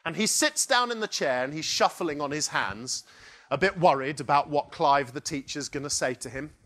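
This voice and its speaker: A man giving a conference keynote, telling a story in an animated way and acting out the people in it. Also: fairly high pitch, normal speed. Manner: animated, acts out quoted characters. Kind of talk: storytelling presentation. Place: conference hall.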